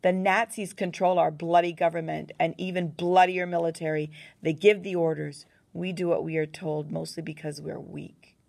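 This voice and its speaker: A woman's voice: on the low side, flat delivery, normal speed, vocal fry, few pauses, a little mellow. A woman reading the part of a young male German soldier who speaks in a terse, clipped, restrained way. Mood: defensive. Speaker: medical orderly.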